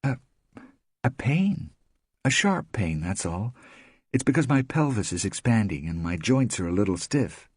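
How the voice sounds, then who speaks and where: A man's voice: fairly low pitch, sing-song, measured pace, slightly rough, dry recording, clean studio sound, voice pushed up, heavily acted. A male narrator voicing Rosemary, a young pregnant woman who sounds strained and defensive. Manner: soft, defensive.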